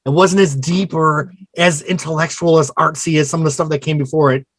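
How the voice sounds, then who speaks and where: A man hosting a casual discussion about an album, relaxed and reflective. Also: a little high, brisk, dry recording. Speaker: podcast host.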